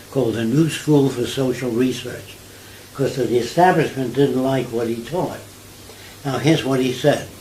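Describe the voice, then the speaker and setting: A man's voice: medium pitch, poor audio. Older new guy telling stories in an interview, keeps asking if you get it, bit of room noise. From New York. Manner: animated storyteller, asks listener if they follow. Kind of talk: conversational interview.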